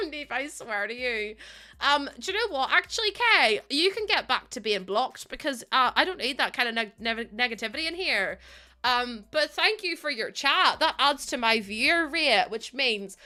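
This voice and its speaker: Lively bright-voiced woman streamer. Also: sits high, moderate pace. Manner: chatty, laughs often, thanks viewers one by one. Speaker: live streamer. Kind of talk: casual chat with viewers while gaming. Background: faint background music.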